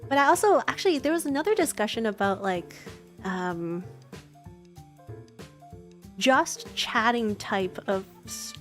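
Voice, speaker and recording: A woman's voice: on the high side, lively intonation, unhurried, long pauses, fairly bright tone, faint music behind. A woman hosting a casual chat stream, rambling along with lots of "like" and restarting her sentences. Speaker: VTuber host.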